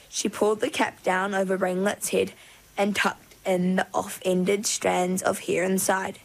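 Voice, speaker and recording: A woman's voice: mid-range voice, little pitch movement, unhurried, vocal fry, low-quality recording. Woman reading a storybook aloud. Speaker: narrator. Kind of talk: storybook narration.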